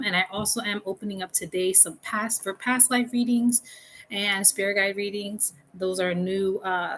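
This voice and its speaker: A woman's voice: medium pitch, a bit bright, low-quality recording. Chatty woman giving a casual tarot reading. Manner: chatty and informal, loose with fillers. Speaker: tarot reader. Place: room at home with a fan. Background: faint renovation noise from upstairs.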